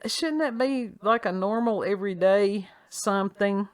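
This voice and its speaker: A woman's voice: mid-range voice, measured pace, smooth, no room sound, studio quality. A woman hosting a casual talk show, reading a news story aloud with sarcastic asides and frequent laughs. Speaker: podcast host. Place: at home with her child nearby.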